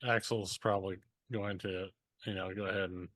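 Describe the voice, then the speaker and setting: A man's voice: sits low, level tone, normal speed, fairly bright tone, no room sound. A man playing in an online tabletop game, joking and laughing often. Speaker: player. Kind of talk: casual tabletop game chat.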